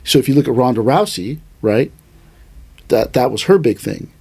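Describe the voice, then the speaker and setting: A man who teaches a traditional martial art chats on a casual podcast in a medium-pitched voice that's expressive, slightly mellow, and husky. He explains animatedly, thinking aloud, restarting thoughts and adding fast asides.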